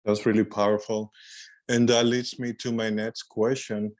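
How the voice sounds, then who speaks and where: A man's voice: lowish voice, flat delivery, normal speed. A man being coached as a guest on a podcast, casually chatting and responding with brief, supportive affirmations. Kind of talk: casual chat.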